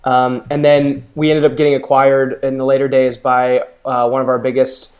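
Guy guest on a podcast, relaxed and rambly, lots of ums, regular middle voice. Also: mid-range voice, normal speed. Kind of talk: casual interview talk.

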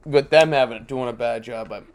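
A man co-hosting a podcast, telling crude stories with frequent laughter and louder quoted lines. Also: mid-range voice, moderate pace. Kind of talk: casual profane chat.

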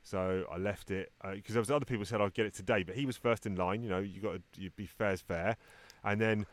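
A man's voice: fairly low pitch, steady tone, fast talker. A man co-hosting a podcast, rambling through anecdotes in casual chat and acting out the people he quotes. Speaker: podcast co-host.

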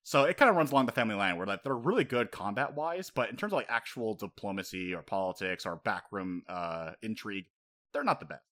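A young man co-hosting a podcast who recaps a story in casual, animated chat, swearing freely and acting out character lines. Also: lowish voice, fairly quick. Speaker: podcast co-host.

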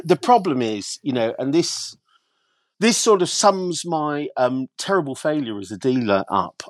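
A man from England, an antiques silver specialist, telling lively anecdotes as a podcast guest. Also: medium pitch, no room sound. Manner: lively storyteller, mimics voices in his anecdotes.

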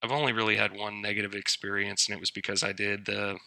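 A man's voice: on the low side, flat delivery, fast, vocal fry, pushed and bright, no echo. A man being interviewed on a podcast, talking candidly and a little hesitantly. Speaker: podcast guest. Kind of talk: casual interview chat.

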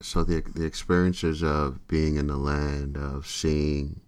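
Very deep-voiced podcast host. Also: male voice, flat delivery, takes it slowly, darkish tone, smooth, no echo. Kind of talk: casual podcast chat.

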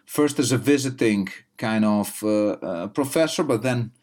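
A man with an Italian accent, an academic guest in an interview, talking hesitantly with many pauses. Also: on the low side, darkish tone. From Italy. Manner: hesitant, many fillers and restarts. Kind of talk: casual conversational answers.

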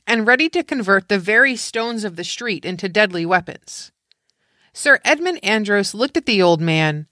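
A woman reads a story aloud with calm, measured pacing. Her tone is bright and clear, and the sound is dry and close. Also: medium pitch, dry recording. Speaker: narrator. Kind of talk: literary reading.

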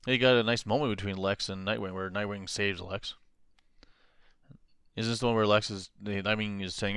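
A man's voice: fairly low pitch, fairly even intonation, normal speed, a bit bright, clean tone, no echo, clean studio sound. A man co-hosting a podcast in easygoing casual chat, agreeing and laughing along. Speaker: podcast co-host.

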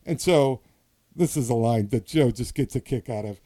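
A man's voice: medium pitch, moderate pace, mellow. A man hosting a casual political comedy podcast, telling a rambling story that keeps interrupting itself. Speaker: podcast host.

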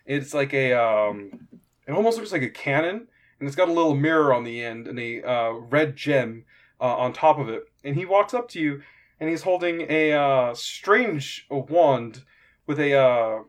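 A man narrating a tabletop game as game master, halting and casual. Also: medium pitch, animated. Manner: halting, lots of fillers and restarts.

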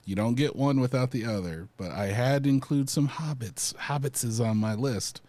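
A man's voice: mid-range voice, moderate pace, a little mellow. A man co-hosting a casual podcast chat, rambling and enthusiastic with lots of fillers.

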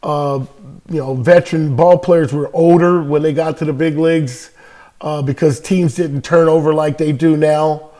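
An older man from California spins an old ballplayer's tale in a loose, chatty interview. His voice sits a touch high for a man, and he keeps it lively with fillers and quick laughs. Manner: animated anecdote telling with frequent laughs and fillers. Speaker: podcast guest, former baseball player. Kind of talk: casual storytelling interview.

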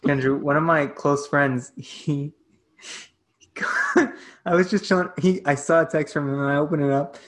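Animated woman telling a story. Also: low voice, measured pace. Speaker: podcast panelist. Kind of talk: casual sports chat.

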